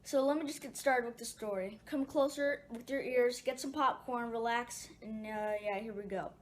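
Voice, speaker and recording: A woman's voice: on the high side, moderate pace, over music. A woman casually telling a personal story to her viewers, rambling with ums and restarts. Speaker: storyteller vlogger.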